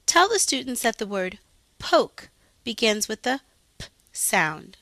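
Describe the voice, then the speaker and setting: A woman narrating a scripted tutorial for teachers, clearly explaining step-by-step reading lessons and carefully sounding out phonemes. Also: mid-range voice, very animated, slow, pushed and bright. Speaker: reading teacher demonstrating a website. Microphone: voice-over.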